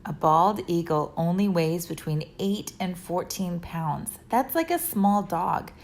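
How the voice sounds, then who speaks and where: Woman teacher quizzing kids, calm and a bit low. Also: takes it slowly. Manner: calm, asks children questions. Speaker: educator. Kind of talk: lesson narration with questions.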